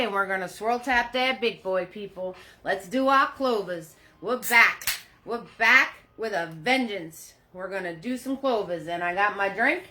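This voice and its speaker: A woman's voice: mid-range voice, pushed and bright. Bubbly chatty woman hosting a paint party. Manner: chatty, upbeat, greets viewers by name. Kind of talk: live-streamed painting class. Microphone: phone in a holder.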